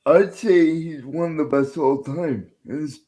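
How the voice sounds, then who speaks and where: A man in a casual chat, hesitant, pausing with many fillers. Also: fairly high pitch, dark tone, rough recording.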